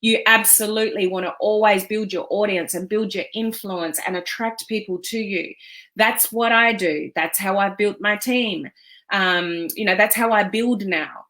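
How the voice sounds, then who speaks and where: A woman's voice: medium pitch, normal speed, a bit bright. Woman, business coach, earnest, emphatic, fillers and restarts. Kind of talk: motivational teaching talk.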